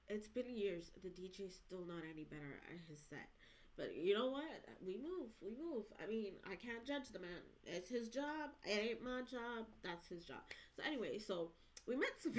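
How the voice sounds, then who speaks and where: A woman's voice: mid-range voice, low-quality recording. A young woman vlogging, telling a casual, rambling story to camera with slangy asides.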